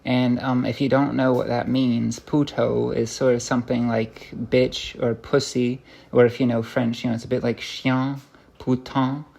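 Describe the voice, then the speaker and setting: A man's voice: mid-range voice, little pitch movement, unhurried, gravelly, a little mellow. A young man talking straight to camera in a confessional vlog, rambling and rueful, often restarting his sentences. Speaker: vlogger.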